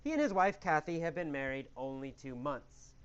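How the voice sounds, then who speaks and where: Animated male English teacher, lo-fi sound. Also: on the high side, moderate pace, clear, resonant tone. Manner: exaggerated, animated questioning with emphatic answers. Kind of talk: mini-story question-and-answer lesson.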